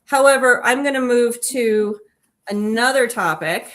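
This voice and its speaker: A woman's voice: medium pitch, normal speed, a bit bright. A woman co-hosting a casual film discussion, enthusiastic and digressive, often correcting herself mid-sentence. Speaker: podcast co-host and author.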